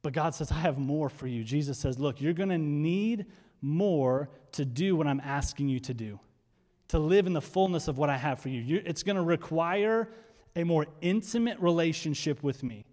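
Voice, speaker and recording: Fired-up male pastor in a reverberant hall. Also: a little high. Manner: energetic, fired up, quick asides. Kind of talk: sermon.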